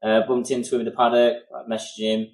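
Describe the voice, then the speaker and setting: A man's voice: medium pitch, little pitch movement, quick pace. A man co-hosting a podcast, chatting casually and chiming in often. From England. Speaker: podcast co-host. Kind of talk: casual chat. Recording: echoey room.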